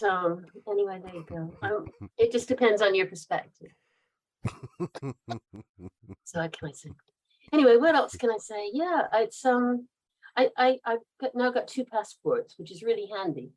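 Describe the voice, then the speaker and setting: A woman's voice: medium pitch, expressive, moderate pace, rough recording. Chatty mid-Atlantic woman in her fifties. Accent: mid-Atlantic, between American and British. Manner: chatty, rambling, laughs often. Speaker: guest author. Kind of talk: casual interview storytelling.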